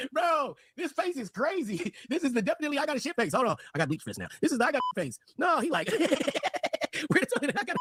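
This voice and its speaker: A man with a very high voice that swoops up and down mocks someone and keeps breaking into giggles. He talks quickly and loosely. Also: very animated. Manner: giggly, mocking. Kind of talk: laughing casual commentary.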